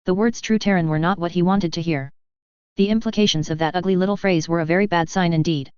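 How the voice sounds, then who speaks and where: A woman narrating a science-fiction story in an even, steady reading voice. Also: on the low side, fast talker, clear, resonant tone, no echo. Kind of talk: audiobook reading of a sci-fi story. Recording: dull, muffled recording.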